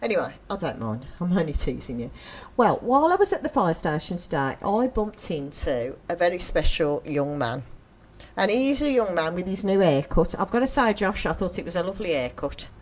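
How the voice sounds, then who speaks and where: A woman's voice: lowish voice, sing-song, fairly quick. A woman presenting a local radio show in a chatty, teasing way, with frequent ums. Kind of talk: casual radio chat.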